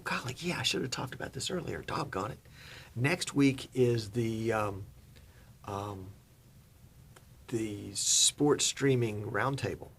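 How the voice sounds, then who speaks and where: A middle-aged Virginia man hosts a livestream, chatting in a folksy way, reading viewer comments aloud and laughing. His voice is low-ish and gravelly, with a little hiss or hum in the audio.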